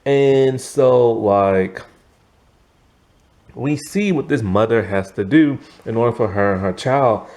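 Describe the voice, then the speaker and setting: A TV show reviewer rambles through a casual review, sounding tired, yawning, and filling it with asides and filler words. His voice is mid-range and a little mellow.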